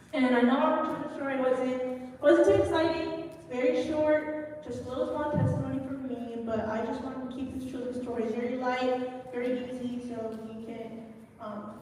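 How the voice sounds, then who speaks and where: A woman telling a church children's story as a personal testimony, earnest and emotional, with halting restarts. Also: sits high, a little mellow, a little hiss or hum. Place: church sanctuary. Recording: echoey church hall from far off.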